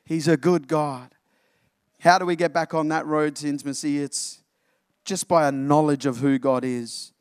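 Male pastor, slightly high voice, animated preaching, dry close sound, addressing church. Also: normal speed, smooth, no echo. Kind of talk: sermon.

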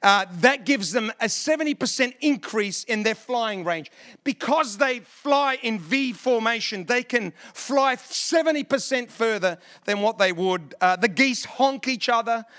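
A man's voice: extremely high pitch, animated, unhurried, sharp tone. A middle-aged man preaching a sermon, telling a folksy story and joking with the congregation. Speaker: pastor.

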